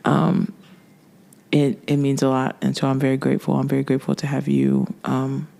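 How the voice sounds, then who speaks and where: A woman's voice: very deep voice, completely flat delivery, moderate pace, creaky. A woman hosting a faith podcast, thanking her guest and getting emotional. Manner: warm, emotional, grateful. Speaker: podcast host. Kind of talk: casual faith podcast chat.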